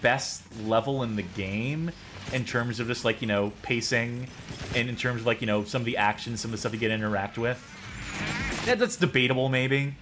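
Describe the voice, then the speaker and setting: A man's voice: medium pitch, brisk, over music. A man co-hosting a game stream, chatting casually, swearing and rambling through complaints. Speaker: co-host playing the game. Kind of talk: casual gaming chat.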